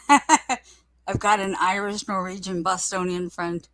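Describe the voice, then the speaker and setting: A woman chatting in a relaxed, amused way in a group voice chat. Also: on the low side, slow, no echo. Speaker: voice chat participant.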